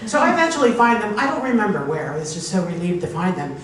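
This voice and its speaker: A Pennsylvania woman performs stand-up comedy for a live audience, telling stories, acting out the voices of the people in them, and laughing at her own punchlines. Her medium-pitched voice is sing-song, and she takes her time, pausing often amid crowd noise. The echoey hall was recorded from far away, with faint noise.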